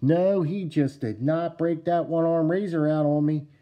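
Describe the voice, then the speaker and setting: A middle-aged man with a New Jersey accent chatting casually to camera about knife collecting, excitable and repetitive, calling his viewers "guys" and "yous.". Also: on the high side, unhurried, highs cut off. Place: at home indoors.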